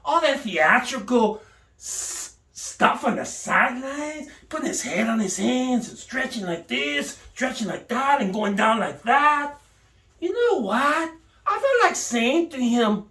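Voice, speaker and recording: A woman's voice: fairly high pitch, very animated, takes it slowly, a bit bright. A woman delivering a mock-indignant comic rant in an exaggerated, theatrical way. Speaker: comedic commentator. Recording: echoey room, mic at a distance.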